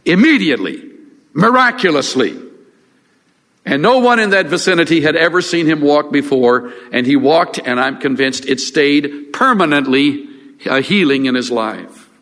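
An older man preaching a sermon as a pastor, earnest and halting, with frequent restarts and fillers. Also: a little high, expressive, a bit bright. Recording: long reverb of a large hall.

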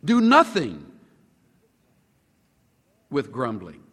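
Animated man preaching in a big hall. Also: husky. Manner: animated, sweeping pitch swings with slow drawn-out emphasis. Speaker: pastor. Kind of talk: sermon.

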